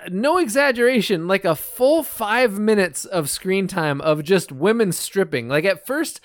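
A man co-hosts a podcast, blunt and emphatic, with casual swearing. His voice is smooth and clean, slightly high. He is miked close and dry. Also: lively intonation, unhurried, dry recording. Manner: blunt, emphatic, profane storytelling. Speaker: podcast co-host.

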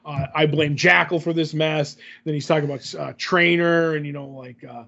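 A man's voice: on the high side, steady tone, moderate pace, creaky, sharp tone, muffled recording. A man co-hosting a podcast, rambling through a comic book recap in casual chat, with lots of fillers and self-corrections.

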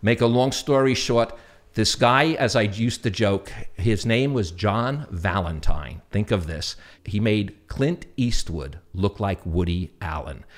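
A man with a New York accent, a guest telling animated stories in an interview, acting out voices and laughing often. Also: fairly low pitch, measured pace. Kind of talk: storytelling interview.

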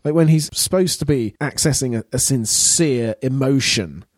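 A man's voice: mid-range voice, moderate pace, dry recording. Thoughtful, dry-witted man. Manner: thoughtful, hedging, dry wit. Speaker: podcast co-host. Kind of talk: casual review chat.

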